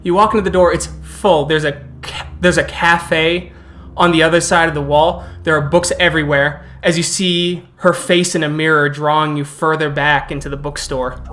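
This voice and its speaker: A man narrating a tabletop role-playing game as game master, setting scenes in a calm, descriptive way. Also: fairly high pitch, normal speed.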